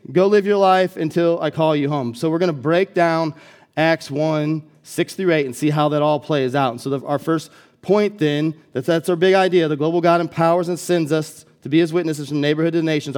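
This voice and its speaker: A man's voice: fairly high pitch, a little mellow. A young American man preaching a sermon as a guest pastor, in a casual, conversational way with lots of filler words. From United States.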